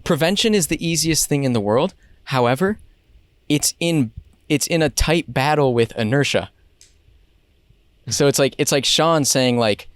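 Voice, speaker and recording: A man co-hosts a podcast and thinks out loud in an easygoing, reflective way. He works through ideas in casual chat. The recording is dry and close, with no room sound. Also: medium pitch, dry recording. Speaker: podcast co-host.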